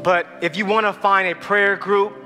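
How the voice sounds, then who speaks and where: Impassioned high-voiced male preacher. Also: level tone, moderate pace, in a large hall, faint music behind. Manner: impassioned, swinging from loud to hushed. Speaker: pastor. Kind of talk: sermon. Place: church hall.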